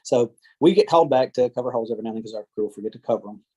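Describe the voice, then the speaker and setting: Talking very fast, the man has a medium-pitched voice that's a little mellow with a breathy edge. He's a land surveyor giving real estate agents a chatty, folksy talk on a video call from home or an office, imitating angry homeowners along the way. Audio through his computer or headset mic is poor.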